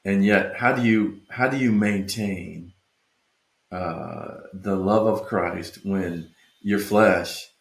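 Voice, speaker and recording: A man hosting an interview show, asking his guest questions in a halting way with many restarts. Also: deep voice. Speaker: show host. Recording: echoey room.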